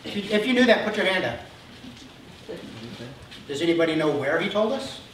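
This high-pitched male preacher gives an Easter sermon at normal speed, lively as he acts out biblical figures and often pausing to ask the congregation "Okay?" The sound is distant and echoes strongly around the church sanctuary, with faint noise.

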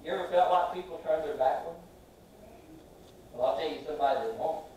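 Pastor preaching in an echoey sanctuary. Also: male voice, on the high side, distant mic, a little hiss or hum. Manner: swings from loud, drawn-out shouts to soft asides; asks the congregation questions and has them repeat after him. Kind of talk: sermon. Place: large church sanctuary. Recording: very echoey hall, heard from afar.

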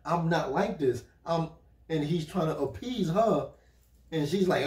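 A man with a somewhat high voice, jokey and quick with a theory about everything. He sits back from the mic in an echoey room. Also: animated, a little mellow, distant mic. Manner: joking, offers quick theories, laughs. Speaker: co-host of a reality show review. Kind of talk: casual chat.

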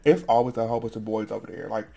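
This twenty-something storytime vlogger has a lowish, gravelly yet mellow voice and races through his words. At home before a camera, he's sassy and profane, laughing a lot and calling viewers girl.

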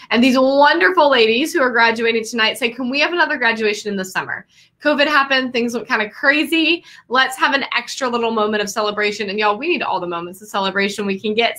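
A woman's voice: on the high side, pushed and bright. A woman hosts a live online quilting class celebration. She talks effusively and greets viewers by name. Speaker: quilting teacher and livestream host.

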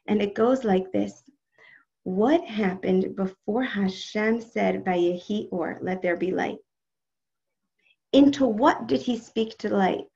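A slightly high-voiced woman with vocal fry teaches religion in a live online session, talking expressively straight to her audience and replying to their chat messages. The video call audio is dull.

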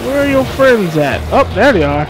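A woman doing let's play commentary, trash-talking enemies with profanity and loud whoops. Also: fairly high pitch, big pitch swings, moderate pace, noisy background. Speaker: gamer playing on stream. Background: game music and gunfire.

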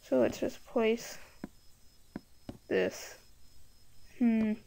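Woman, slow gameplay chatter, rambling with fillers, slightly high voice, noisy home mic. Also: fairly even intonation, vocal fry. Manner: rambling, thinks aloud, many filler "like"s. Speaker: gameplay video creator. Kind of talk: casual gameplay commentary.

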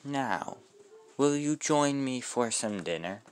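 A man's voice: medium pitch, expressive, takes it slowly, clean tone, voice pushed up. A man voicing a sly, politely menacing female fox spirit lord in a homemade storybook tale. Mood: teasing.

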